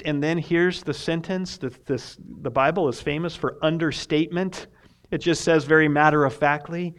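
A man preaching a sermon as pastor, telling the story vividly and swinging between loud emphasis and hushed asides. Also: a little high, steady tone, normal speed, smooth.

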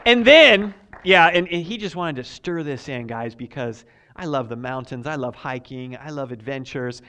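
A man preaching a sermon and telling a personal story, swinging from soft asides to excited shouting. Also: fairly high pitch, normal speed, clean tone. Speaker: pastor.

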